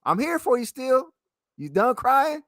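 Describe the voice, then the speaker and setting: A man's voice: very high-pitched, very animated, unhurried, a bit bright, no echo, studio quality, voice pushed up, full character voice. A man voicing life itself as a patient figure who teases someone for crying. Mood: teasing, coaxing. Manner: coaxing, teasing. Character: patient personified life, cheerfully waiting.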